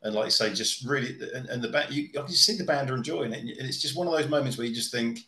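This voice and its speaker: A man's voice: mid-range voice, quick pace, bright, forceful tone. A man chatting casually as a podcast guest, hesitant, with lots of restarts and ums. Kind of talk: casual chat. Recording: echoey room.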